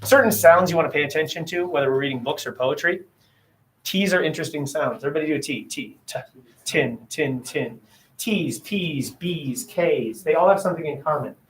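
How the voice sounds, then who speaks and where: A man's voice: a little high, brisk, a bit bright, slight background noise. A man teaching an English class, sounding out letters aloud and quizzing his students as he goes. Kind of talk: classroom lecture. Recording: roomy classroom echo.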